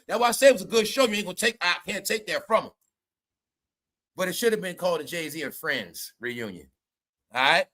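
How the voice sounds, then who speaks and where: Laughing, rambling man with a high voice. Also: pushed and bright. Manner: rambling, profane, laughs often, stammers. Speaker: commentary vlogger. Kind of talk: casual comedic commentary.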